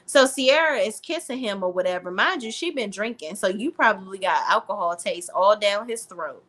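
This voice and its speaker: Blunt, bright-voiced woman reviewer. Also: medium pitch, expressive, normal speed. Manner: blunt, slangy, opinionated with swearing. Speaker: reality TV reviewer. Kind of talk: casual recap vlog.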